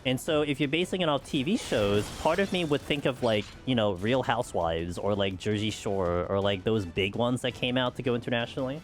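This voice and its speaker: This American streamer has a mid-range voice and talks fairly quickly with few pauses, soft music in the background. Chatting casually with viewers as he plays, he rambles and fills his speech with "like" and "you know."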